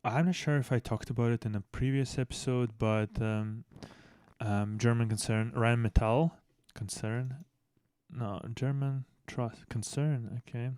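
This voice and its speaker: A man's voice: mid-range voice, fairly even intonation, unhurried, darkish tone, clean tone, dry recording, studio quality. A man hosting a news commentary channel in casual, blunt style, swearing heavily and restarting sentences, speaking English as a second language. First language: not English.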